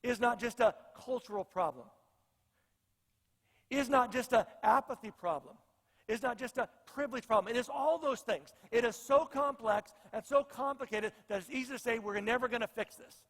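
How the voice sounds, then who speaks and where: Man, pastor, earnest sermon, repeats phrases for weight, fairly high voice, long hall echo. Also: moderate pace, a bit bright.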